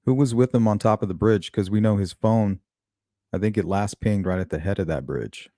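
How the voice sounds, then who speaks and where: A man with a somewhat low, warm voice hosts a live true-crime stream. He speculates aloud in a relaxed, conversational way and stops to greet viewers by name. The sound is dry and close, with no room around it. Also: a little fast, dry recording. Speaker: host of a true-crime livestream. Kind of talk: casual live commentary.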